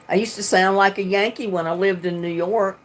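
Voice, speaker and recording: She has a medium-pitched voice with fairly even intonation and a moderate pace. A livestream host from North Carolina, she reads her chat aloud at home in a Southern drawl, keeping it casual and laughing frequently, all on a webcam mic.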